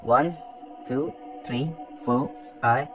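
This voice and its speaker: A man commentating a horror game as he plays, excitable and taunting the monster, with some swearing. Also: mid-range voice, very slow, over music. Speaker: gaming commentator. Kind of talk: let's play commentary.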